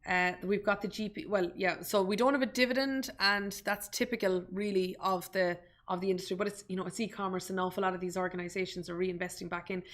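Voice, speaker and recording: A woman's voice: mid-range voice, steady tone, fast talker, few pauses, fairly bright tone. An Irish woman giving a live stock market webinar, chatty and self-deprecating, breaking off with asides to her viewers. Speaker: investment webinar presenter. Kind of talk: live screen-share stock tutorial.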